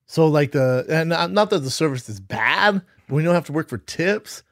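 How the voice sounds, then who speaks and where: A man's voice: a little high, expressive, normal speed, a bit bright, no echo, clean studio sound. A man co-hosting a casual podcast, telling a rambling story full of swearing. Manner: rambling storyteller, heavy swearing, acts out quotes. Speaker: podcast co-host. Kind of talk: casual chat.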